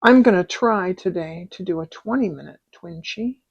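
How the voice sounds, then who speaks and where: A middle-aged woman talks through a gentle embroidery tutorial at her craft desk, taking her time with soft, chatty asides. Her voice sits a little low, with a husky, gravelly edge. The recording is dry and slightly dull, as from a modest home setup. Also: moderate pace, no room sound. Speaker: embroidery video host. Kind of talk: relaxed stitching tutorial chat.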